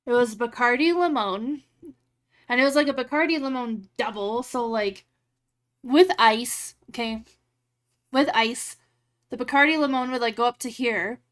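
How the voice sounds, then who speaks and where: A woman's voice: a little high, normal speed, long pauses, a bit bright. A woman streamer chatting casually with her live chat while she edits photos. She rambles along, fills her talk with "like" and laughs easily.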